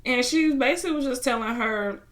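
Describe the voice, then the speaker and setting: A woman's voice: sits high, fairly quick. A young woman casually recapping a reality show, retelling scenes and acting out what people said. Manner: animated retelling, acting out quotes, bursts of laughter.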